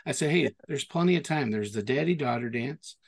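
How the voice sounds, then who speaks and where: A man's voice: medium pitch, animated, brisk, vocal fry. A middle-aged man from Michigan, co-hosting a podcast and telling rambling stories in casual chat, often restarting his sentences. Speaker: podcast co-host.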